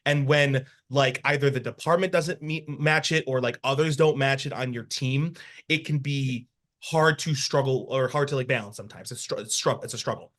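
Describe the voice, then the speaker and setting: A man co-hosting a casual podcast, telling work stories in an animated, rambling way with frequent laughter. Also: mid-range voice, normal speed. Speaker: podcast co-host, housing professional.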